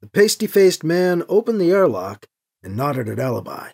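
Male author-host narrator, lively delivery, raspy gravel. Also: fairly high pitch, moderate pace. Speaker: host and writer. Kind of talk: audiobook narration.

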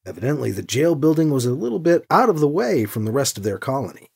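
An audiobook narrator with an expressive, storytelling delivery that swings widely in pitch. The voice is gravelly and husky, with a mid-height tone. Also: quick pace.

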